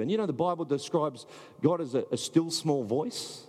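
A man's voice: on the high side, expressive, normal speed, a little mellow, husky, big-room sound. A man preaching a sermon in a loose, conversational way, with filler words and restarts. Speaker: pastor.

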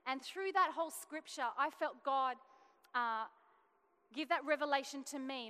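A woman in her thirties shares her testimony at church, earnestly telling a family story and acting out the dialogue. Her high voice has a sharp tone, she speaks a little slowly, and a long hall reverb hangs on the recording.

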